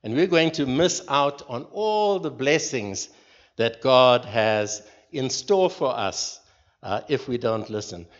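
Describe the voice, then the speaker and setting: Slow, earnest man preaching in a hall. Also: mid-range voice, lively intonation. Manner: slow, earnest, pauses between phrases. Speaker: leader of a church group meeting. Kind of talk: informal sermon with questions to the group. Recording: dull recording with long hall reverb.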